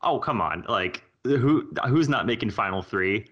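A man's voice: on the low side, lively intonation, a little slow, a bit bright, highs cut off. A man in his thirties co-hosting a podcast in a casual, campy, teasing way. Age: 30s. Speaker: podcast co-host. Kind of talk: casual chat.

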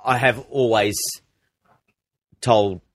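A man's voice: on the low side, steady tone, drawn-out words, dry recording, studio quality. An Australian man, a radio presenter, answering interview questions with lots of energy, repeating words and restarting sentences. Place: radio station office.

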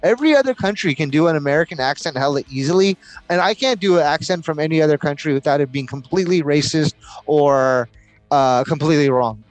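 A man's voice: on the high side, fast talker, faint music behind. A man co-hosting a casual podcast, telling stories in a profane, rambling way and throwing in mock voices. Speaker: podcast co-host.

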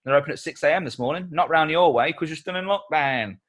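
A man's voice: fairly high pitch, fast talker, a bit bright. A young Englishman hosting a casual comedy podcast, teasing and giggly. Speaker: podcast host. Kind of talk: casual chat.

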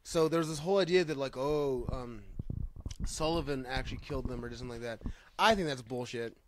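A man's voice: medium pitch, brisk, a little hiss or hum. A man co-hosting a casual podcast chat, laughing often and repeating words as he talks. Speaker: podcast co-host.

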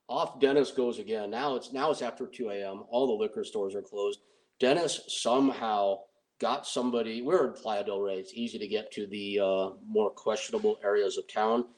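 A middle-aged man casually telling a wry, animated anecdote and acting out the voices he quotes. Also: on the low side, rough recording. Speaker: storyteller recounting film production.

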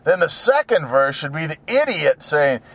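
A man's voice: on the high side, very animated, moderate pace. A man rambling and singing made-up song lines to himself while driving, in a goofy, self-mocking way. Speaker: vlogger. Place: inside a car.

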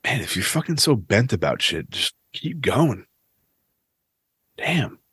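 A man's voice: fairly low pitch, very animated, takes it slowly, sharp tone, slightly rough, no room sound, studio quality. A man hosting his own podcast, ranting casually with lots of swearing. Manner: profane, ranting, restless. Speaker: podcast host.

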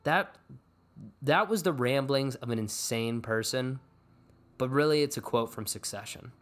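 A man's voice: mid-range voice, moderate pace. A man chats loosely on a podcast, rambling between topics. He pokes fun at himself and throws in jokes. The tone stays casual and offhand. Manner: rambling, self-deprecating, joking. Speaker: podcast host. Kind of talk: casual fantasy sports podcast chat.

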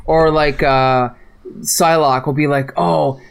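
A man co-hosting a casual podcast about comics, enthusiastic and quick to laugh. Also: fairly high pitch. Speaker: podcast co-host.

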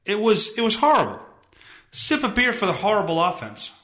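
A man hosting his podcast, ranting casually with lots of profanity and bursts of exasperated shouting. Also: high-pitched, huge pitch swings, fairly quick, reverberant. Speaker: podcast host.

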